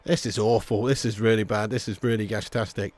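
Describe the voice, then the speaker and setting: A man's voice: lowish voice, steady tone, brisk, darkish tone, no room sound. A man hosting a live football watch-along, rowdy, joking and swearing. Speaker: match watch-along host.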